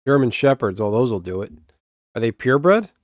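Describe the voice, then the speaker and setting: A man's voice: mid-range voice, very animated, brisk, no room sound, studio quality. A young man streaming from home, rambling bluntly in casual chatter and swearing freely.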